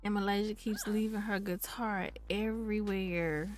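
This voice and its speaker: A woman's voice: medium pitch, fairly even intonation, normal speed, faint music behind. A woman giving casual, playful commentary on a life-simulation game, chatting to her viewers and to the characters on screen. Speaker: gameplay commentator.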